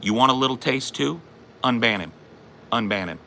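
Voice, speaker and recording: A man's voice: mid-range voice, expressive, normal speed, gravelly, pushed and bright, slight background noise. A man hosting a comedy show, taunting and profanely ranting in an aggressive, confrontational way. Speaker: comedy podcast host. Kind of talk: aggressive comic rant.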